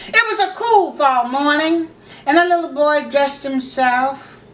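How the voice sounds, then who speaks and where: A woman telling a children's story in a slow, expressive, folksy way, recorded from far off in an echoey room. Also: high-pitched, a little hiss or hum.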